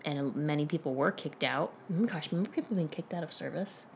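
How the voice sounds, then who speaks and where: Low-voiced woman, frank and reflective. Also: fast talker, creaky, darkish tone, a little hiss or hum. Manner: reflective, frank, frequent fillers. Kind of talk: casual chat.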